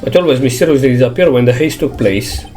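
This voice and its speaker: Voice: medium pitch, fast, a little mellow, slight background noise. A streamer with a cold casually reading a game's dialogue aloud and commenting between lines, with some swearing. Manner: casual, swears, reads text half-aloud. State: sniffly with a cold, coughing.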